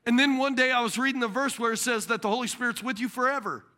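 A male pastor with a very high, bright voice delivering a sermon. He tells stories with animated energy, and his tone stays forceful and ringing. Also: quick pace. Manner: animated storytelling preacher.

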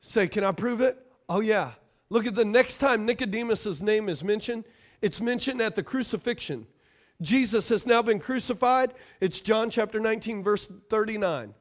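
A man preaching a sermon, lively and conversational, acting out the people in the story with sudden jumps in pitch and loudness. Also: normal speed. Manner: animated, acts out quoted characters with jumps in pitch and volume. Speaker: pastor.

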